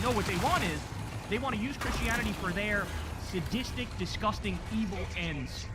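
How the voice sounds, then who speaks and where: Fiery, sarcastic man with a high voice. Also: animated, moderate pace, loud music behind the voice. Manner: fiery, sarcastic, swears freely. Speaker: news commentary host. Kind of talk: livestream political commentary. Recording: noisy livestream audio.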